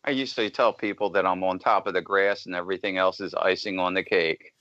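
A man's voice: low-pitched, fairly even intonation, brisk, bright, forceful tone, dry recording, muffled recording. A man from Baltimore, a guest on a casual podcast, trading folksy quips and chuckling at his own jokes. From Baltimore, United States.

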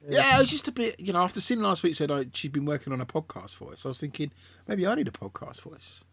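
A man's voice: fairly high pitch, very animated, fast, gravelly, a bit bright, slightly rough, no room sound. A man with a London accent hosting a casual podcast chat, jokey and playful with voices. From England. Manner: jokey, breaks into put-on posh and cockney voices. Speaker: podcast host.

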